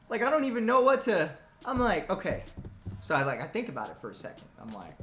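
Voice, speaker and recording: A man's voice: a little high, animated, fast talker, fairly bright tone, roomy sound, faint music behind. A man hosting a live stream, telling a comic story in a rambling, self-interrupting way and teasing his audience. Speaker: live stream talk show host. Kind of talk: comedic storytelling to a live chat.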